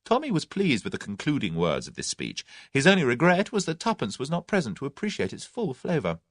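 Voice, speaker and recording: A man narrating an audiobook in an expressive, dramatic reading style. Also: mid-range voice, brisk, dry recording. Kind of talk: scripted narration.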